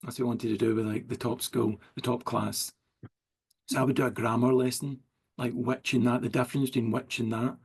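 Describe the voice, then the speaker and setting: Gravelly Scottish man telling stories. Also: mid-range voice, level tone, fairly quick, a little mellow. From Scotland. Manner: rambling anecdotes with many likes and quoted dialogue. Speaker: writer, interview guest. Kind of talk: casual storytelling chat.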